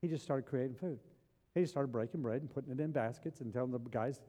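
A man's voice: medium pitch, fast. Emphatic preacher man in a reverberant hall. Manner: emphatic, swings between loud excitement and hushed intensity. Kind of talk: sermon.

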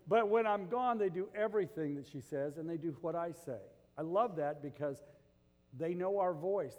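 Pastor guy preaching, pretty high voice, big church echo, acts out the quotes and gets loud on the points. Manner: animated storytelling, acts out quoted voices, rises to emphatic peaks. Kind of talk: sermon.

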